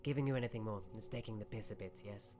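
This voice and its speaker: Guy putting on a quirky wizard, fussy and guarded, lowish voice, odd clipped phrasing. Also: dark tone, natural voice. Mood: firm. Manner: halting speech with odd phrasing.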